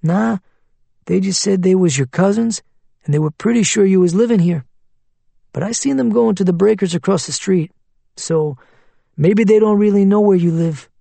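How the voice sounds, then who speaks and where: A man's voice: high voice, normal speed, creaky, dark tone, no echo, voice pushed up. A man voicing a folksy, plainspoken male motel manager in an audiobook. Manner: folksy, ungrammatical drawl.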